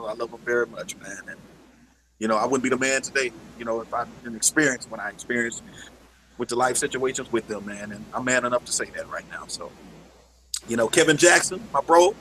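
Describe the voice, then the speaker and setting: A man's voice: medium pitch, fast, a bit bright, slight background noise, low-quality recording. A man guesting on a live radio interview, earnest and grateful, dropping "man" at the end of his lines. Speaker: musician guest.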